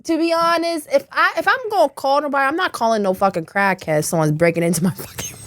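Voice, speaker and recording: A woman's voice: sits high, quick pace, hardly any pauses, dry recording, clean studio sound. A young adult woman, a podcast guest, telling a story casually with lots of swearing and laughter. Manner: profane, animated, frequent laughter. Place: podcast studio.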